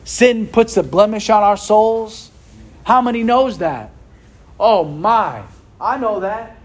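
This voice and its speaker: A man's voice: high-pitched, takes it slowly, slight background noise. A man preaching a sermon to a congregation in a room, tossing rhetorical questions out for them to answer.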